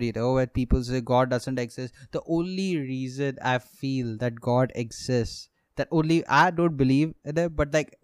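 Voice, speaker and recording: A man's voice: mid-range voice, darkish tone, clean tone, no room sound. Profane, self-mocking young man. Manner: profane, self-mocking, acts out heated quotes. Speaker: podcast host, aspiring stand-up comic. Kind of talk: solo comedic monologue.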